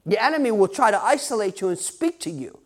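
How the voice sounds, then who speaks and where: In a fast, sing-song, high-pitched voice, a man preaches emphatically as pastor, addressing the congregation directly. Questions to the listeners come often, with the occasional laugh.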